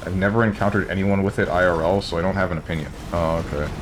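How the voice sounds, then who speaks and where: A man's voice: sits low, steady tone, quick pace, background noise. A man streaming a video game, chatting and joking with his viewers. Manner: joking, banter with chat. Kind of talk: casual chat while playing a video game.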